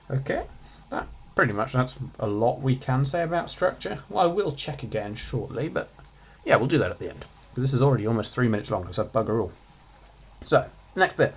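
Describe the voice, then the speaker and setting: Teenage lad, offhand study-channel host who cracks jokes, regular voice. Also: male voice, medium pitch. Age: teens. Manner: chatty, offhand, jokey asides. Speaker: student revising on his channel. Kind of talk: casual revision lesson.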